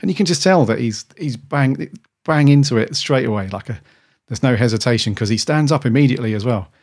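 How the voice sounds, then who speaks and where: A man's voice: mid-range voice, fairly quick, darkish tone. A man co-hosting a podcast, chatting casually and rambling with restarts. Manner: rambling, with many restarts and "dude". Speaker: podcast co-host. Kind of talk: casual chat.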